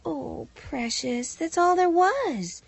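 A gentle, fussing young mother. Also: sits high, expressive, slow, creaky, full character voice. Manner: soft, soothing and hesitant. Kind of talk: radio drama acting.

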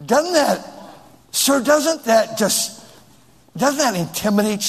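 A male preacher delivers a sermon, reading scripture and hammering home repeated exhortations. His voice sits high and husky. Every line rings out with long church reverb. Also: lively intonation, unhurried. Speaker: pastor.

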